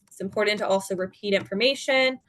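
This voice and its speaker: Calm woman teaching caregivers. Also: mid-range voice, fast, no echo. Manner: calm, instructive, step-by-step guidance. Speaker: dementia care educator. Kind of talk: virtual seminar presentation. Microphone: video call.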